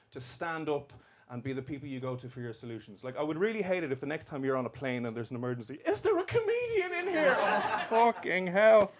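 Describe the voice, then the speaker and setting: A man's voice: mid-range voice, a little mellow. A man doing live stand-up comedy, bantering and swearing with the crowd in a mocking, brash way. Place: comedy club stage. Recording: live club recording with crowd noise. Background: crowd laughter.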